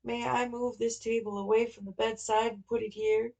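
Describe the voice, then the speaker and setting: A woman's voice: on the high side, flat delivery, normal speed, creaky, a little mellow, highs cut off. A woman reading a novel aloud, voicing an earnest, flustered young man who explains things at length.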